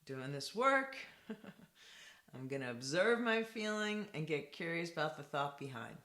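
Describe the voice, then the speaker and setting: A bright, animated woman therapist teaches to camera, her pitch moving up and down as she repeats key points. She keeps checking in with a quick rhetorical "right?". The voice rings in an echoey room. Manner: lively, repetitive, asks rhetorical "right?".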